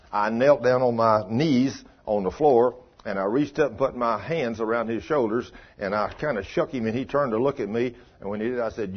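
An older man preaching a sermon in a folksy storytelling way, dropping low for commands. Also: slightly rough. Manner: folksy, drops into low hushed commands when quoting himself. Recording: dull lo-fi recording.

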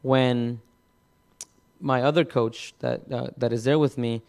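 A man preaching, telling a personal story in a halting way, with many repeated words and restarts. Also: mid-range voice, fairly even intonation, vocal fry, a little mellow. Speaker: pastor. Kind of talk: sermon testimony.

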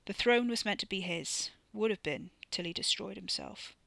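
A man's voice: high voice, normal speed, vocal fry, sharp tone, no echo, heavily acted. A woman voicing a drowsy, stoned man who talks in a lazy, slurred drawl with a broadening accent.

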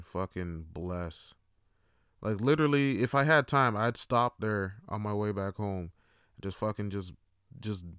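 A man's voice: sits low, clear, resonant tone, dry recording, clean studio sound. A young man telling profane, laughing stories in a casual monologue, acting out other people's lines. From Toronto, Canada. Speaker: podcast host.

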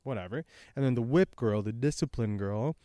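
A young man hosts a podcast outdoors by a creek and tree line, recapping a comic chapter in a rambling, laid-back way full of fillers. His mellow mid-range voice has lively intonation at a moderate pace with no echo, recorded on a handheld microphone exposed to wind.

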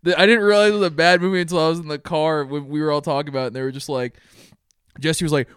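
A man co-hosting a casual podcast, reviewing a movie in an animated, laughing, profane way and acting out what people said. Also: on the high side, racing, smooth, no room sound, clean studio sound. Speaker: podcast co-host.

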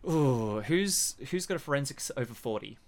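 A game master calmly explaining rules and consequences to players in a tabletop horror game. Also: medium pitch, moderate pace. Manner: calm, explanatory, rule-focused.

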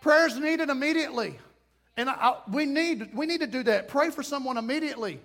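High-voiced preacher acting out scenes. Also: male voice, quick pace. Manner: animated, acts out voices and scenes. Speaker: pastor. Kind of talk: sermon.

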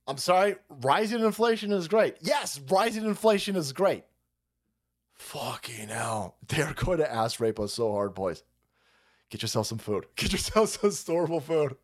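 Foul-mouthed male streamer, sarcastic rant, high and wildly swinging voice. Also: animated, normal speed. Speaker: streamer host. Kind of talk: profane political comedy rant.

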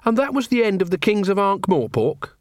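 Guy putting on a keen naive young watchman, voice pitched up, bright and chipper, dry close sound. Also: sing-song, a little fast, dry recording. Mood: cheerful. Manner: eager, naive. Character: earnest cheerful young male watch corporal.

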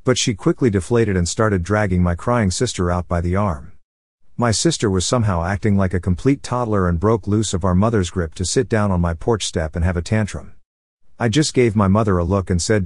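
A man reads a first-person story aloud in a steady, scripted style. His voice sits low, and the recording is dry and close to the mic. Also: fairly quick, no room sound. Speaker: story narrator.

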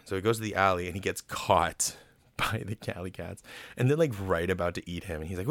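A man with a very low voice casually retells a film's plot into a desk microphone. He rambles, fills gaps with "like" and swears freely. The sound is dry and close, with no room around it. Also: fairly quick, fairly bright tone, no echo. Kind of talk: casual film recap.

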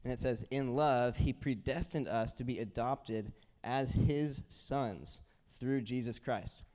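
A young man preaching a sermon, telling family stories in an animated way and acting out his kids' voices. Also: mid-range voice, slow. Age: young adult. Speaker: pastor.

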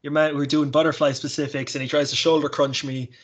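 A man's voice: a little high, flat delivery. A young man hosting a podcast, chatting casually with lots of swearing and laughter. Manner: sweary, ranting, quick to laugh. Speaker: podcast host. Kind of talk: casual chat.

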